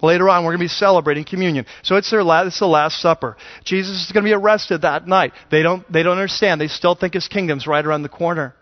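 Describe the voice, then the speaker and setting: A man pastor preaching a sermon in a conversational, animated storytelling way, on a dull lo-fi recording. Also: high voice, quick pace, hardly any pauses, dry recording.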